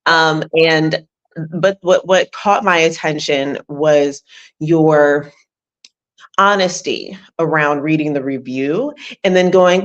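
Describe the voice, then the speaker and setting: Woman, deep voice, host, encouraging coach, talks to listeners directly. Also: slow, lo-fi sound. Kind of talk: conversational interview.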